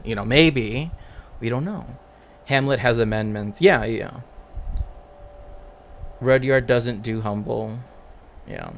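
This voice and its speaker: A man's voice: medium pitch, a bit bright. A man talks casually on a live stream in a loose, rambling way. He works as a cultural historian and keeps tagging his points with "right?" in a mid-range voice. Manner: rambling, tags sentences with "right?".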